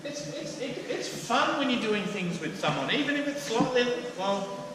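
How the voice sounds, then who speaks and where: A high, bright-voiced Australian man delivers a lively sermon, his pitch leaping up and down as he jokes with the congregation. He sounds a little way off from the mic, in a long, echoing hall with a faint hum behind him. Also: moderate pace, recorded from a distance. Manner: animated, jokey, acts out the master's lines. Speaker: pastor. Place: church hall.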